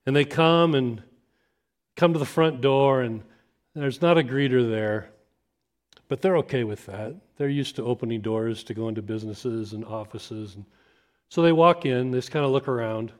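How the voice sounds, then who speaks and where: A man preaching a sermon, telling an imagined story and acting out the people in it. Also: mid-range voice. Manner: storytelling, acting out scenes in quick voices.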